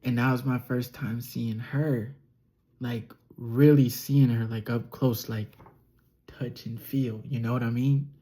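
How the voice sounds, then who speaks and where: A man's voice: mid-range voice, steady tone, takes it slowly, dark tone. Laid-back young man telling a story. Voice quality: slightly nasal. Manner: laid-back, chuckling, trails off with ums. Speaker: podcast host. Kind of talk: casual storytelling monologue.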